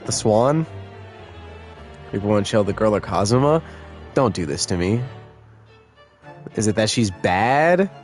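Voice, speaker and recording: A man's voice: fairly low pitch, lively intonation, unhurried, long pauses, faint music behind. A man streaming a video game, reading its dialogue aloud and joking with his chat in casual commentary. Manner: joking, laughs often, mixes read lines with chat banter. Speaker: let's-play streamer.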